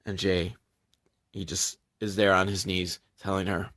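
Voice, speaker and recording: A man's voice: low voice, flat delivery, a little slow, fairly bright tone. A man doing a sarcastic, profane comedic movie recap as a reviewer.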